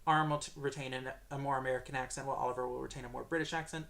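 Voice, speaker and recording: A man's voice: medium pitch, fairly even intonation, rapid-fire, vocal fry, fairly bright tone. A man answering viewer questions on a livestream Q&A, hesitant and full of filler sounds.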